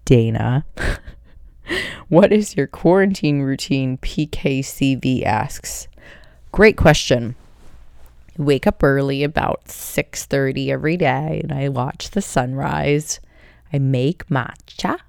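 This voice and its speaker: A woman's voice: very deep voice, takes it slowly, vocal fry, no room sound, clean studio sound. A woman hosting a casual solo podcast, reading out listener questions in a blunt, profane, upbeat way. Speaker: podcast host.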